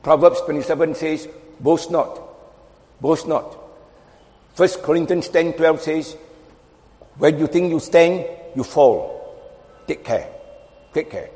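A man preaching in a voice pitched a little high for a man, dropping to near murmurs and then rising sharply for emphasis. His lines carry a long reverb from a large hall. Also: slow, pauses often. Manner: dramatic swings between soft and loud, quoting scripture. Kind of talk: sermon.

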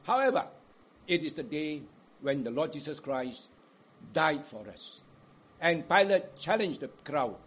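A man delivers a sermon at an unhurried pace, his voice high and husky. He acts out the shouts of crowds with sudden swells and then drops to quiet, reflective tones. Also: big pitch swings. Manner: dramatic quoting of crowds, rising and falling emphasis; sings hymn unaccompanied. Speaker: preacher.

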